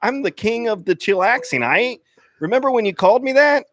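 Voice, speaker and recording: A man's voice: very high-pitched, expressive, brisk, a bit bright, dry recording, studio quality. Man playing clingy needy teenage boy Steve. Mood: soothing. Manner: whiny, overeager, sing-song. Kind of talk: comedic radio skit acting.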